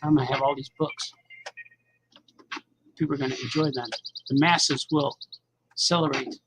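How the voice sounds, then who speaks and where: A man's voice: medium pitch, fairly even intonation, moderate pace, background noise. A man rambling and joking to himself while drawing, calling everyone "man". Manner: talks to himself, musing and joking, says "man" often. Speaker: cartoonist drawing on camera.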